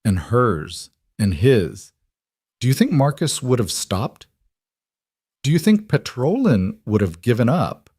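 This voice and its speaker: A man's voice: medium pitch, very animated, takes it slowly, darkish tone, slightly rough, no echo, studio quality, pitched above the performer's own voice, heavily acted. A man reading the lines of a cold, calculating middle-aged uncle in a cool, matter-of-fact way. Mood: insistent.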